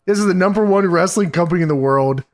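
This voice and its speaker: A man's voice: high voice, quick pace, a little mellow. A man co-hosting a casual podcast, retelling events with profanity and frequent laughter. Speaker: podcast co-host.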